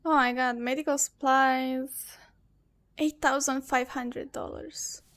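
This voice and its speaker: High-voiced woman doing animated game commentary. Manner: animated, reads texts aloud in quick bursts. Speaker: gaming streamer. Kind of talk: let's play commentary.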